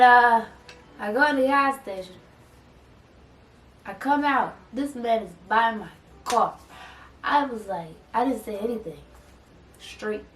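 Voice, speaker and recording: A young woman vlogger telling a dramatic storytime, acting out quoted dialogue in a lively way. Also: medium pitch. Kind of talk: storytime vlog. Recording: roomy echo from a distant mic with faint music.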